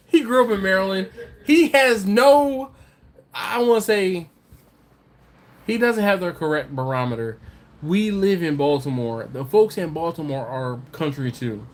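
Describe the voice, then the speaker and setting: A livestream host reads viewer chat out loud in a loose, chatty, rambling manner, frequently laughing and repeating his words. He speaks in a high voice, without hurrying.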